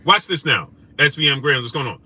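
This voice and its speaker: A man with a husky, mid-range voice hosts a live stream at a brisk clip, his intonation lively and the recording free of room sound. He greets chat viewers by name and reads their comments, then fires back combatively, his replies rising into loud, indignant questions.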